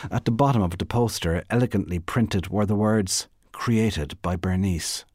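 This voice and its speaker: A man reading a literary short story aloud in a measured, unhurried way. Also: low voice, darkish tone, slightly rough, no room sound, clean studio sound. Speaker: guest reader.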